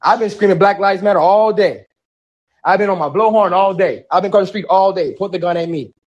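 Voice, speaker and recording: A man's voice: high voice, a little fast, dull audio. A man telling an emphatic personal story in a discussion, repeating himself in casual street speech. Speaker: protest organizer.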